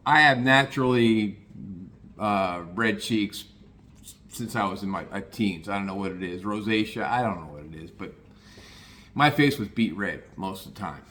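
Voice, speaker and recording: A man's voice: lowish voice, a bit bright. An older man from the Cincinnati area of the US, talking casually and plainly in a rambling podcast monologue, with frequent restarts and the odd curse.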